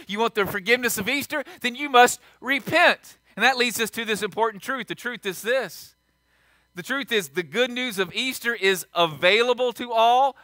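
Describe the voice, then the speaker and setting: A pastor preaching a sermon, repeating key lines and swinging from quiet asides to loud, emphatic peaks. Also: male voice, sits high, dry recording.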